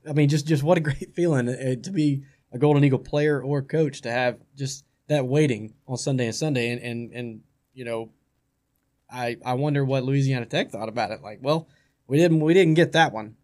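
A man hosting a radio sports talk show in a studio, chatting casually and rambling, often repeating his words as he gets excited. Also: mid-range voice, normal speed.

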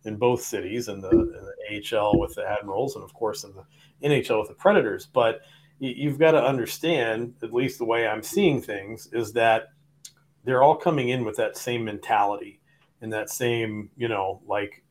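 A man co-hosting a sports podcast in casual chat, jumping in with quick playful reactions. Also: fairly low pitch. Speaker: podcast co-host.

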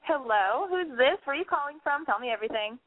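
A woman hosting a call-in advice podcast, blunt and excitable, swearing freely as she talks callers through their problems. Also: sits high, fast, no room sound. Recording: phone-like narrow sound, dry.

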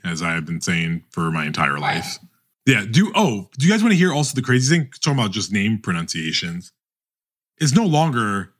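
A man chatting on a podcast roundtable in a bright, forceful voice that sits fairly low. He talks animatedly and often cuts himself off to restart a thought. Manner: animated, self-interrupting, quick restarts. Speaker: podcast host. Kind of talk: casual roundtable chat.

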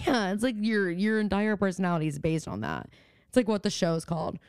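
A woman's voice: medium pitch, animated, fairly quick, darkish tone, clean tone, no echo. A young woman co-hosting a podcast, chatting casually and swearing freely as she acts out quotes. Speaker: podcast co-host. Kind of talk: casual recap chat. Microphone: remote call mic.

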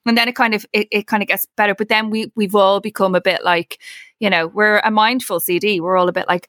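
A woman in her thirties chats on a podcast, telling funny stories in a lively way. Her voice sits at a middle pitch for a woman. The sound is dry and close. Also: quick pace, no room sound. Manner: chatty, comic storytelling. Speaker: podcast co-host. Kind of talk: casual chat.

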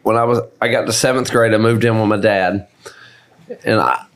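A man's voice: fairly low pitch, steady tone, normal speed, a bit bright. A man guesting on a podcast, joking and swearing bluntly in casual chat.

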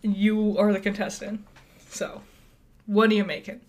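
A woman's voice: medium pitch, little pitch movement, measured pace, a little mellow, lightly acted. A woman doing a brief impression of a pushy male celebrity chef judge who talks over contestants. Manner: brusque, talking over others.

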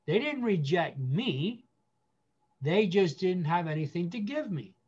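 A man speaking as a guest pastor, giving earnest counsel with emphatic repetition, slowing down to stress key phrases. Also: sits high, big pitch swings, a little mellow, husky, muffled recording.

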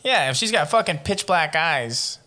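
A man's voice: fairly high pitch, lively intonation, normal speed, pushed and bright. A man hosting a casual podcast, reading a listener's scary story aloud and breaking off into profane jokes. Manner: profane, joking commentary. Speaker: podcast host.

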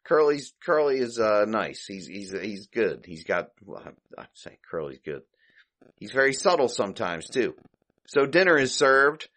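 A man's voice: mid-range voice, a bit bright. A man hosting a podcast, casually recapping an old comedy short, chuckling and thinking aloud as he goes. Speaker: podcast host.

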